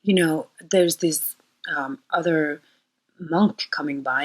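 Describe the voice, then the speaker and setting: A woman astrologer with a low voice speaks slowly on a low-quality recording. She retells a myth and reflects on it in a rambling, personal way, at times dropping almost to a whisper.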